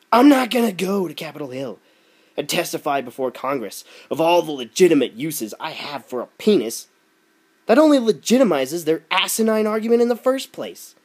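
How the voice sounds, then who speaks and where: Sarcastic man ranting, lively pitch. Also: normal speed, slightly rough. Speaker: commentator. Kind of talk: opinion rant video.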